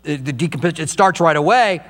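A middle-aged male pastor preaches with a high-pitched voice, moving between tender grief and urgent emphasis. His words ring out with a long reverb, and a faint mains hum sits under them. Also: fairly quick. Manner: emotional, rising to urgent emphasis. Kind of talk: sermon.

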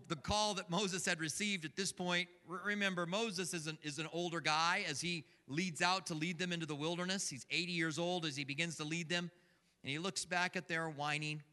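A man's voice: a little high, bright, forceful tone. An older man preaching a sermon as pastor, talking conversationally and asking his congregation questions. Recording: long hall reverb.

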